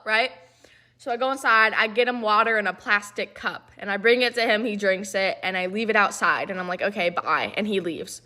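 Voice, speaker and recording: A woman's voice: medium pitch, fairly quick, sharp tone. A young woman telling a rambling, profane personal story in casual chat, full of "like".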